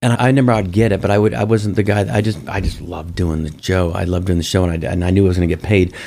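A middle-aged man, a comedian guest in an interview, telling stories in an animated way with many restarts. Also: deep voice, fast, vocal fry. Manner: animated, acts out quoted voices, many restarts. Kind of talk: casual storytelling interview.

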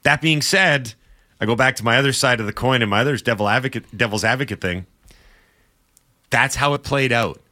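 A man's voice: mid-range voice, a little fast, sharp tone. A man co-hosting a sports radio show, arguing his points with passion and emphasis. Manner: impassioned, argumentative, emphatic. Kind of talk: sports talk debate.

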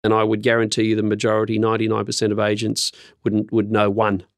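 A middle-aged man who answers interview questions in a measured, earnest way with frequent pauses and ums. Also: on the low side, monotone, no room sound, studio quality. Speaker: podcast guest, industry program leader.

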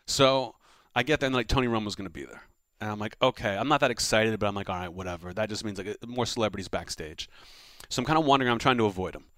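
A man's voice: lowish voice, fast talker, hardly any pauses, dry recording. A man who is a comedian guest, telling a story in casual chat and acting out the quotes. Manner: animated anecdote teller, acts out quotes.

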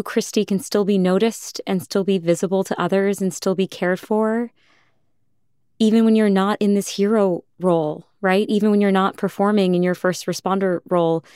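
A woman podcast host interviewing gently, affirming her guest and reflecting her feelings back to her. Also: mid-range voice, clear, resonant tone, no echo, studio quality. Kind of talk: empathetic interview.

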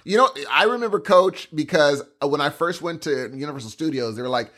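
A young man on co-host duty, chatting casually, animated and excitable. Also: mid-range voice, quick pace, hardly any pauses. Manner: animated, excitable, says "dude" a lot. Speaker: podcast co-host. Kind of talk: casual chat.

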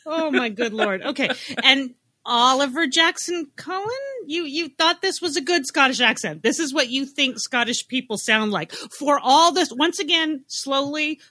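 A woman co-hosting a TV review podcast, animated and teasing, often breaking into laughter. Her voice sits a little high and rings bright and clear. The sound is dry and close, with no room around it. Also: no echo. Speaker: podcast co-host. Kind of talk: casual chat reviewing TV.

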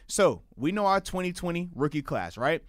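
A man's voice: on the high side, big pitch swings, normal speed, dry recording, clean studio sound. A man co-hosting a casual sports radio show, playful and hyped, laughing often.

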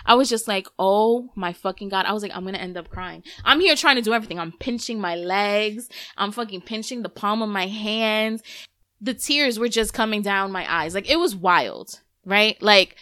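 A woman's voice: mid-range voice, moderate pace, no room sound. A woman in her thirties hosting a podcast, telling a story in casual, candid chat, cursing freely. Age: 30s. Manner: candid, profane, animated storytelling. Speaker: podcast host.

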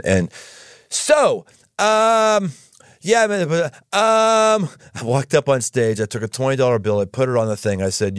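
A man's voice: fairly low pitch, dry recording, clean studio sound. A man hosting a casual conversation, easygoing and folksy in how he talks. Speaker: podcast host. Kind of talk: casual chat.

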